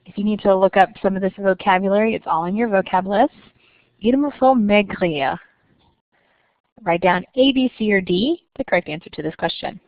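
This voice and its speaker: A woman's voice: mid-range voice, no room sound. Woman teacher, patient explainer, dry close sound, slightly dull recording. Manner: clear, patient explaining with slow stressed examples. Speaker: French teacher. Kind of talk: recorded lesson narration.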